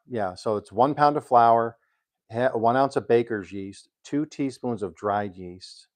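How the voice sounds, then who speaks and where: Older male home cook, low-pitched, loose and chatty, lots of ums as he reads aloud. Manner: rambling and chatty, pausing with ums while reading aloud. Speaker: home cook hosting a live stream. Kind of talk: casual cooking live-stream chat.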